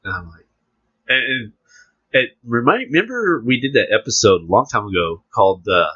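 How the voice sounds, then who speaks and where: A man on a podcast tells a meandering story with fillers and restarts. His voice is husky and bright, and his pitch moves a lot. The sound is slightly lo-fi. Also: big pitch swings, moderate pace. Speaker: podcast co-host. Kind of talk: casual chat. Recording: lo-fi podcast recording.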